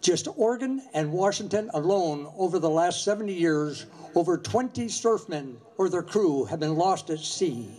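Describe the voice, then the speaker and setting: An older man with a darkish tone and a voice that sits high and sounds animated gives an earnest, measured memorial speech. He tells a story from his years commanding a Coast Guard station.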